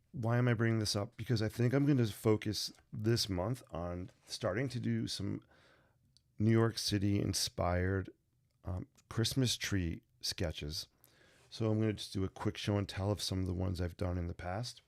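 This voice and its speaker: A man's voice: sits low, creaky, darkish tone. A man hosting a casual sketching livestream from his desk, talking loosely and unrehearsed to viewers, tired and stuffy from a sinus cold. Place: home desk. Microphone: desk microphone.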